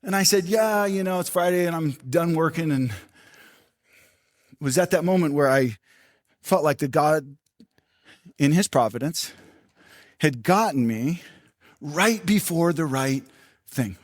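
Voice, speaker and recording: An older man preaching a sermon as pastor, telling a story with animated, acted-out quotes. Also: fairly high pitch, takes it slowly, long pauses, dry recording, studio quality.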